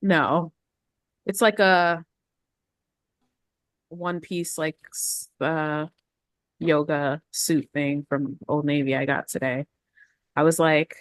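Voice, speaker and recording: Woman, casual contestant chatter over a call, low pitch, dry close mic. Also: fairly even intonation, slow pace, long pauses, dry recording. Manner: chatty, talks straight to others. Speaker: game contestant. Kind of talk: casual chat on a video call.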